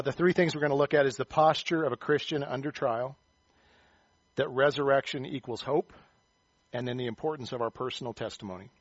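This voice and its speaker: A man delivers a conversational sermon at a middle pitch, folding scripture reading into friendly asides and corny jokes. The recording is dry and a bit muffled, with no room sound. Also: dry recording. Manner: conversational, animated, self-deprecating humor. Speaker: pastor.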